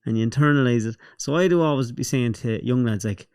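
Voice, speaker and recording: Reflective Irish podcast host. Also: male voice, medium pitch, quick pace, a little mellow, clear, resonant tone, dry recording, clean studio sound. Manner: reflective, blunt, swearing. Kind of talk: casual conversation.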